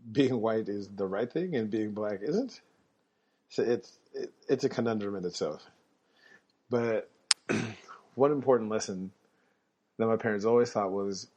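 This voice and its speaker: This is a casual monologue from a male podcast host sharing personal anecdotes with plenty of energy and laughter. When quoting others his pitch shoots up, and the recording has a slightly muffled, lo-fi quality.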